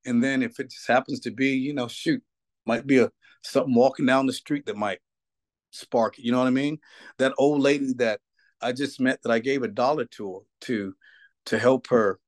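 A man's voice: mid-range voice, fairly even intonation, moderate pace. A middle-aged man, a band's singer, talking casually in an interview and telling heartfelt stories that move him close to tears. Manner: emotional storytelling, tearful at times, repeats "you know what I mean". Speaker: guest, metal band singer.

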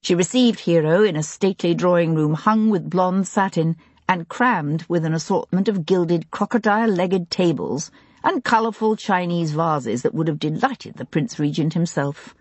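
A woman narrating an audiobook in a measured, expressive way. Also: lowish voice, no room sound. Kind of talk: scripted narration of a historical mystery.

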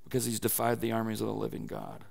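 A man's voice: fairly low pitch, monotone, fast, creaky, darkish tone, pitched below the performer's own voice. A man reading the part of a bold young shepherd, earnest and emphatic.

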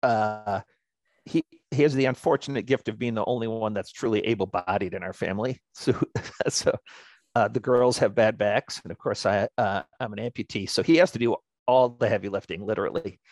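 A man's voice: fairly low pitch, a little fast, darkish tone, no room sound. Middle-aged man with dry, close sound. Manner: dry, self-deprecating humor. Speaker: seminary professor, podcast co-host. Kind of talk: casual discussion of scripture. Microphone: video call.

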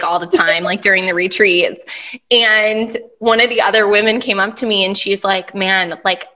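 A woman host with a bright, clear voice, chatting easily in a relaxed podcast conversation. She fills her talk with fillers and slips into quoting her own thoughts as she tells a story. Her pitch sits in the middle range. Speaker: host, money and business mentor. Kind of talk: casual podcast chat.

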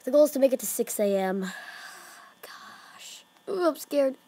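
A woman's voice: sits high, animated, quick pace, dark tone. A woman hosting a horror game let's play, jumpy and exclaiming, often dropping to whispers. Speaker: gaming channel host.

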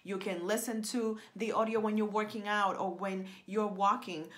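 A woman talking straight to camera as a writing coach, excitable and emphatic, repeating lines for effect and gesturing with her hands. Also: medium pitch, normal speed, slight background noise. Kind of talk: animated direct-to-camera pitch.

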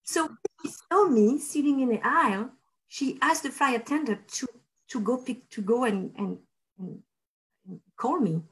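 Animated woman telling a story. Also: a little high, normal speed, low-quality recording. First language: French. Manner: animated, acts out quotes with laughs. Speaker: host. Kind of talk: casual storytelling chat.

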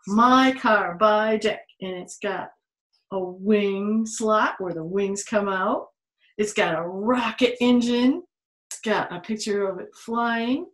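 Recorded on a phone or tablet camera in a room full of echo, this children's museum art teacher and storytime reader reads a picture book aloud and runs a drawing activity. She speaks at a medium pitch, animated, quick to exclaim and to laugh along with the illustrations.

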